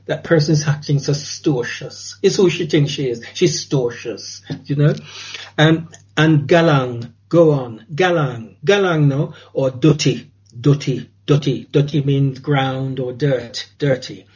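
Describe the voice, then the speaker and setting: An older man from Jamaica, reminiscing thoughtfully and unhurriedly about his childhood, with frequent restarts and pauses. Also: on the high side, darkish tone, husky. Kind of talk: reflective oral-history recollection. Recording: dull lo-fi recording.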